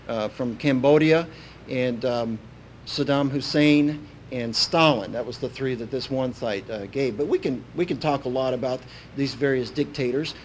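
A man's voice: medium pitch, slight background noise. A man from preaching a sermon in a folksy, anecdotal way, with many "uh" fillers. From Kentucky, USA.

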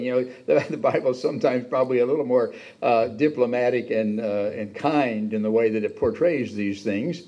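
A man's voice: medium pitch, a little fast, hardly any pauses, dark tone, lo-fi sound. A man preaching a sermon in a conversational way, acting out the quoted lines with a raised voice. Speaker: pastor.

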